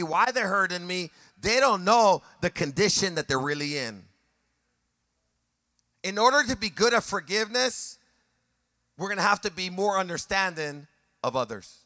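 A male pastor preaches an impassioned sermon in a high, bright, ringing voice, repeating phrases for emphasis and lifting his lines into a sung, rhythmic cadence. The recording is dry and of studio quality.

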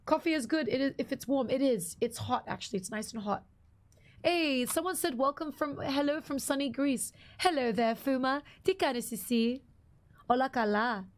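A woman's voice: sits high, moderate pace. A young woman streaming a game live, chatting casually with viewers and greeting them by name while her voice is partly lost and slightly strained.

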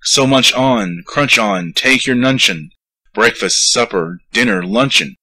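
A man's voice: medium pitch, expressive, unhurried, pushed and bright, dry recording, poor audio. A man reading a poem aloud, voicing a stout male rat that survived and recounts his feast with glee. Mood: gleeful. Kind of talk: poetry recitation.

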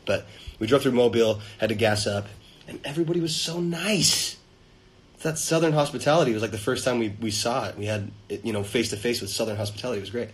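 A man hosting a casual livestream, reading fan comments aloud and greeting viewers in playful, sudden loud bursts into a phone held at arm's length. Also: lowish voice, husky, low-quality recording.

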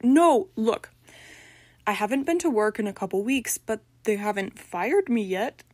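A woman's voice: fairly high pitch, animated, measured pace, darkish tone, dry recording, studio quality. A woman voicing an exasperated young man. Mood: resigned. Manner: casual, exasperated.

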